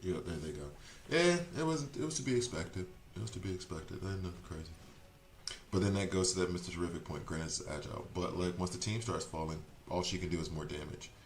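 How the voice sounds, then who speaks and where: A man with a deep, low-pitched voice gives casual gameplay commentary, wandering from thought to thought and backtracking often. The sound is roomy, with a faint hum of background noise. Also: fast talker. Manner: chatty, rambling, self-correcting. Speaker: streamer.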